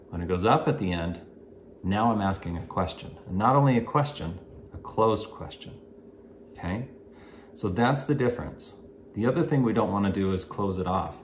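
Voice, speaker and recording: Low-voiced man teaching in an echoey room. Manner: measured, explanatory, gives spoken examples. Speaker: parenting instructor. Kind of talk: instructional video talk. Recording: echoey room with faint hiss.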